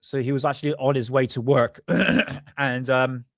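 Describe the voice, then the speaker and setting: A man's voice: mid-range voice, steady tone, unhurried, fairly bright tone, dry recording, studio quality. A man hosting a live stream in casual commentary, rambling, chuckling and stumbling over words as he reads along. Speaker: livestream host.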